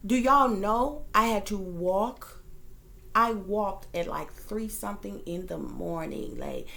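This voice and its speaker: A woman's voice: medium pitch, expressive, takes it slowly, creaky, a bit bright. A woman host telling a story to her viewers in a casual, heated rant, profane and emphatic. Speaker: psychic reader and channel host.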